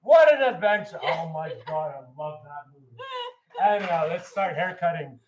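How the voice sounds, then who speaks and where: A man chatting while getting ready to cut hair, telling a long funny story with loud, laughing punchlines. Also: a little high, normal speed, crowd noise. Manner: animated, laughing storyteller who shouts punchlines. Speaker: hairdresser. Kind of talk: casual storytelling chat.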